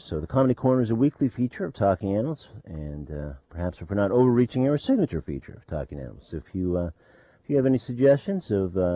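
A man with a fairly low voice hosts a radio show from a studio, talking casually and haltingly with plenty of uh and um. The sound is dry, with a slightly dull tone. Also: dry recording. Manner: halting, full of uh and um fillers.

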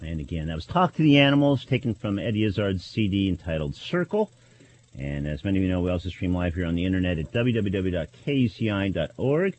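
A male radio host announces and interviews in a low voice. His pitch moves a lot, and he halts often on fillers. The sound is dull and muffled. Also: sing-song, quick pace, a little mellow, slight background noise. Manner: hesitant, filler-heavy announcing. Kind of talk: college radio talk show hosting.

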